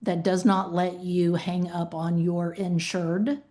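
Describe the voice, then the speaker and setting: A woman's voice: fairly low pitch, flat delivery, slow pace, mellow. Emphatic Southern woman on a podcast. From American South. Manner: emphatic, acts out phone calls in quoted voices. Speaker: podcast co-host, former claims manager. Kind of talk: casual podcast chat.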